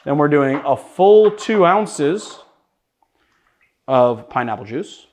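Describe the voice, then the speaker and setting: Young male cocktail host from Boston, slightly high voice, casual and jokey, chatting as he mixes. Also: very animated, slow pace, noisy background. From Boston, USA. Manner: chatty, joking, self-deprecating.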